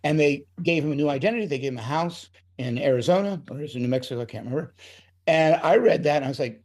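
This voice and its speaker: A man's voice: on the high side, animated, fast talker, a little mellow, husky. A middle-aged man, a screenwriter being interviewed, talking in a heated, profane, rambling way. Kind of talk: casual interview talk.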